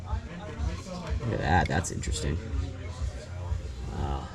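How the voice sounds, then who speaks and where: Slow and mid-range, his voice swoops wildly in pitch as he vlogs through an indoor flea market. He chats easily, musing about the sights, with the store's music playing in the background.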